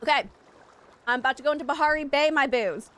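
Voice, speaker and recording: A woman's voice: high voice, fast talker, sharp tone. A young adult woman streaming a game, chatting casually and rambling straight to her viewers. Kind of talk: casual live-stream chat.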